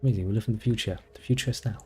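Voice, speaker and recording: A man's voice: on the low side, rapid-fire, warm tone, a little hiss or hum. A man with a German accent giving casual, sarcastic gameplay commentary as a streamer, rambling and swearing freely. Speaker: gaming streamer.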